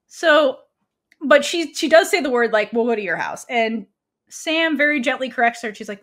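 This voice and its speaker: Woman, podcast co-host, casual recap chat, fairly high voice, lively pitch, quotes characters, laughs a lot. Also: normal speed. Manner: animated, acts out characters' lines in quotes, laughs often.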